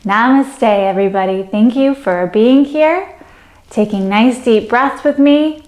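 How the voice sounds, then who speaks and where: A woman leading a children's yoga story, giving slow, soothing instructions with playful animal sounds. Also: fairly high pitch. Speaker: kids yoga teacher.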